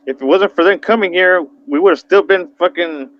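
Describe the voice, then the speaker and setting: A man chatting casually as a co-host on a call, agreeing loudly and indignantly. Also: high-pitched, normal speed, highs cut off. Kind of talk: casual chat.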